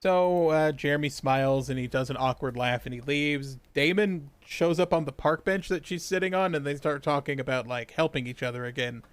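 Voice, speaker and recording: A man's voice: a little high, a little fast, few pauses, smooth, dry recording, studio quality. A man co-hosting a podcast, recapping a TV episode in casual chat, swearing constantly and laughing a lot. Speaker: podcast co-host.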